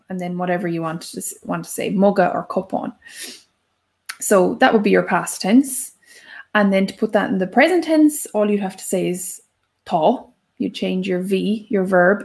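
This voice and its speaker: An Irish woman co-hosts a live language lesson with a gravelly, creaky edge to her voice. She explains in a chatty way and stresses her example phrases. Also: mid-range voice, darkish tone. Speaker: Irish language teacher, co-host.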